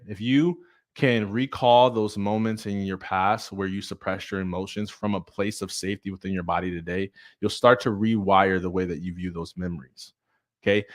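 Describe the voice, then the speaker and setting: A middle-aged man hosting a motivational talk, speaking with energy and preaching to his viewers. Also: on the low side. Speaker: host.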